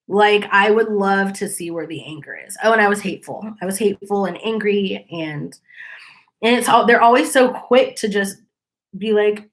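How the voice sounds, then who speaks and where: A young adult woman hosting a casual commentary channel, chatty and animated, mimicking people as she quotes them. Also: mid-range voice, normal speed.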